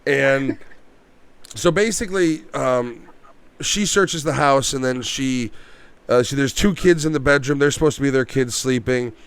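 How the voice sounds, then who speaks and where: A man's voice: mid-range voice, unhurried, smooth. A man co-hosting a casual movie review podcast, swearing freely and acting out scenes. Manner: animated, profane, acts out quotes. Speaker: podcast co-host.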